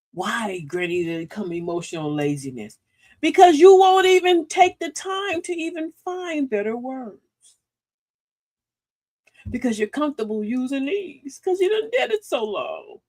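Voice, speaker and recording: A woman's voice: sits high, no echo. A middle-aged woman hosting a casual livestream talk, folksy and sassy, preaching advice and laughing often. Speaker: livestream host.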